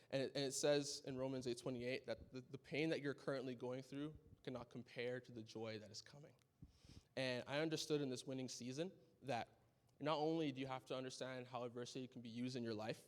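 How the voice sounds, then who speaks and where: A young man giving an earnest personal testimony at a conference, telling his story with animated energy and often checking in with "right?". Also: mid-range voice. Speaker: conference speaker. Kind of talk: testimony talk. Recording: long hall reverb.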